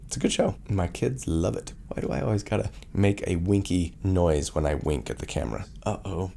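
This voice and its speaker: A man hosting a tabletop game channel, chatting casually to camera while fighting a cold that is making his voice go hoarse. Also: low voice, normal speed, a little hiss or hum. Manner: chatty and rambling, warm thanks to viewers. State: has a cold, voice going hoarse.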